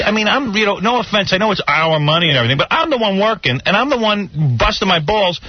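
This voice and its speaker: A man's voice: sits high, expressive, fast talker, hardly any pauses, dry recording. A middle-aged man hosting a radio show, ranting in exasperated complaints during on-air banter. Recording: dull lo-fi radio broadcast.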